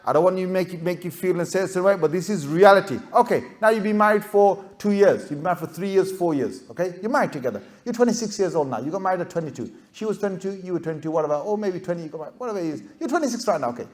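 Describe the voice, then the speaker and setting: Animated high-voiced man addressing youth. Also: very fast, hardly any pauses. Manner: animated, rhetorical, keeps asking "right?"; acts out everyday characters with playful voices. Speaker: Islamic scholar addressing students. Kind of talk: lively talk to a youth audience.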